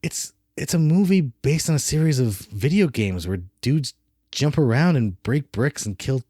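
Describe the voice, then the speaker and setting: A man giving strong opinions in a casual podcast chat about films. His voice is mellow and dark, and he rambles and restarts his sentences. The sound is dry and close to the mic. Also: mid-range voice, expressive, moderate pace, dry recording. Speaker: podcast co-host. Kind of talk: casual film review chat.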